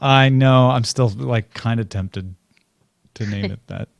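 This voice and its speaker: A man hosting a podcast, chatting casually with wry, relaxed banter and easy laughs. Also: mid-range voice, a little slow, creaky, no room sound. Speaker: podcast host. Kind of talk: casual chat.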